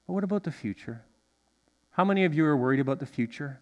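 Male preacher, lively, slightly high voice, long church reverb, sermon delivery. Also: quick pace, lo-fi sound. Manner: animated, with congregation call-and-response. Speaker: pastor. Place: church sanctuary.

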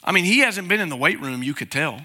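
A man's voice: a little high, expressive, quick pace, sharp tone, long reverb tail. A man, preaching a sermon as pastor and talking to the congregation with plain questions. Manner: conversational, asks the congregation questions.

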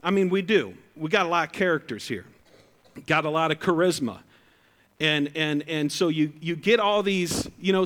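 A middle-aged male pastor preaching a sermon in a conversational, joking way, with sudden loud bursts. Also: a little high.

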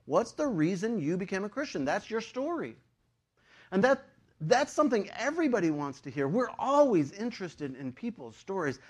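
A man preaching a sermon to his congregation in a conversational, animated way, with frequent fillers. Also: high-pitched, normal speed. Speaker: pastor.

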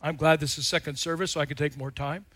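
A male pastor preaching a sermon with lots of repetition, swinging between loud passages and hushed ones. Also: a little high, fairly even intonation, fast, no room sound.

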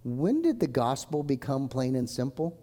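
A man preaching a live sermon in a church hall, earnest and emphatic, swinging between forceful lines and hushed ones. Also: mid-range voice, sing-song, moderate pace. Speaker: pastor. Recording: long hall reverb from a church.

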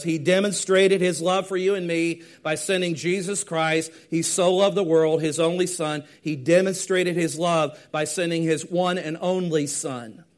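A man preaching a sermon, telling a story and moving from hushed, slow lines to loud, emphatic ones. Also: on the high side. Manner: dynamic, swings from hushed to emphatic.

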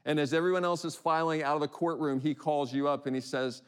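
A man preaching a sermon in a conversational way, with frequent restarts and slow, emphatic verse readings. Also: a little high, steady tone, clear, resonant tone. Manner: rhetorical questions to the congregation. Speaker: pastor.

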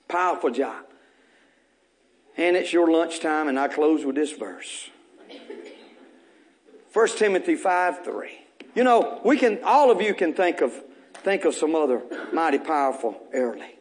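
Fervent preacher man, higher voice. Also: a little mellow. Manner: folksy, fervent preaching with repetitions. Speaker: pastor. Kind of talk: sermon. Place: church sanctuary.

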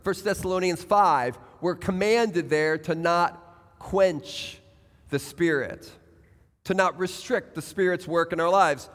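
High-voiced pastor preaching in a reverberant hall. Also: male voice, takes it slowly, fairly bright tone. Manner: earnest, direct questions to the congregation. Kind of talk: sermon. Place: church sanctuary. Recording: church hall with long reverb.

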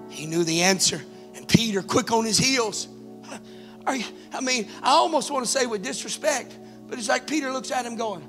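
A man's voice: high voice, normal speed, a bit bright, soft background music. A man preaching a Pentecostal altar-call sermon in a church, fervent and building to urgent exhortation. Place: church sanctuary.

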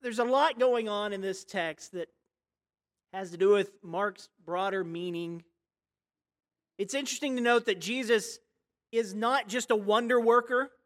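A pastor preaching a sermon in a conversational, storytelling way, full of rhetorical questions and sudden drops and rises in loudness. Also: mid-range voice, measured pace. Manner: big swings between hushed and loud.

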